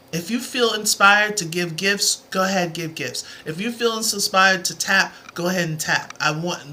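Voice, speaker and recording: A woman's voice: on the low side, bright, forceful tone, a little hiss or hum. A woman math tutor on a live stream, talking earnestly and encouragingly to her viewers, rambling from one point to the next. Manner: rambling, with many asides. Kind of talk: motivational livestream talk.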